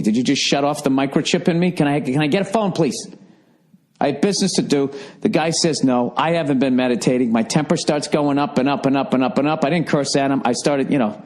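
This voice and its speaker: A man's voice: medium pitch, darkish tone. A middle-aged man telling a story in a casual podcast monologue, profane and exasperated, ranting as he goes. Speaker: podcast host.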